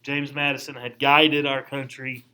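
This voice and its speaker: A man's voice: medium pitch, flat delivery, measured pace, sharp tone, clean tone, poor audio. A man teaching a recorded history lesson, lecturing in a casual, conversational way with slangy asides.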